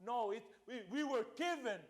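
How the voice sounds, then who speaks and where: Animated and moderately paced, a pastor's sermon comes from the pulpit in a man's voice pitched unusually high. Emphatic repetition punctuates his points, and his speech moves back and forth between two languages.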